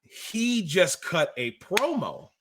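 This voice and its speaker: Man, podcast co-host, bright forceful tone, slightly high voice, animated griping. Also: takes it slowly, slight background noise. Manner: animated, gripes and acts out quotes. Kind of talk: casual wrestling chat.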